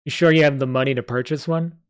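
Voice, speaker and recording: A greedy little goblin barks and snorts in a New York accent, put on by a man reading a story aloud. He is brash and mocking. The voice sits higher than the reader's own, in a dry, close sound. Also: fairly even intonation, fast, clean tone, no echo, close to an everyday voice.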